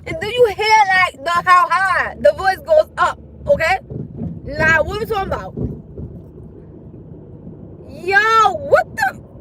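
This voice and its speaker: Livestreaming casually from her car, a young woman talks directly to viewers in a very high voice at a moderate pace. She's animated, cursing and shrieking in alarm at the road ahead, and the background is noisy.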